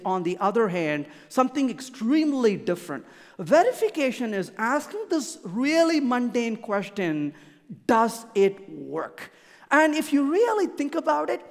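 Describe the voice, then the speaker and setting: A conference speaker delivers a keynote in a large lecture hall, and a long reverb hangs after each phrase. The voice sits at a middle pitch but swings widely in melody. Key points are stressed and then repeated for emphasis.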